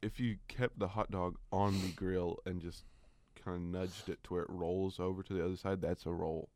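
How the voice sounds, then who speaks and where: A man co-hosting a sports podcast in casual chat, deadpan and quick to argue a point. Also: low voice, no echo. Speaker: podcast co-host.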